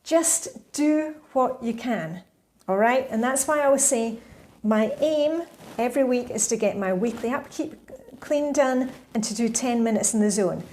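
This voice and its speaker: Brief: middle-aged woman lifestyle vlogger, slightly high voice, chatty Q&A to camera, laughs easily. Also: lively intonation, measured pace, a little mellow. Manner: chatty, laughs often between points. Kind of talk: casual Q&A chat to camera.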